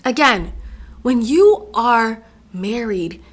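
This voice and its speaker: A woman's voice: fairly high pitch, animated, very slow. Sassy, emphatic woman podcast host. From Virginia, USA. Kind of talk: solo podcast commentary.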